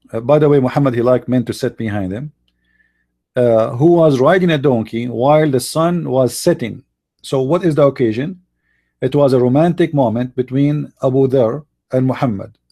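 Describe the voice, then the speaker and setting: A man hosting a live debate show, speaking in a sarcastic, mocking way, somewhat hoarse and coughing now and then, with slightly non-native English phrasing. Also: medium pitch, dark tone. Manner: mocking, sarcastic, mimics voices.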